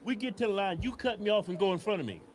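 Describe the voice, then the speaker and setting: A man's voice: high-pitched, very fast, noisy background. A man co-hosting a casual political chat, teasing his partner with mock accusations and frequent laughter. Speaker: co-host.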